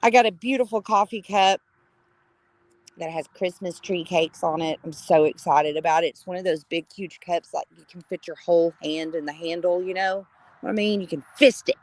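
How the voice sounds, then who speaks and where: A woman's voice: lowish voice, moderate pace. Gushing middle-aged woman streamer. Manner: warm, gushing, greets viewers, laughs often. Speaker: live streamer. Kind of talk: casual live-stream chat.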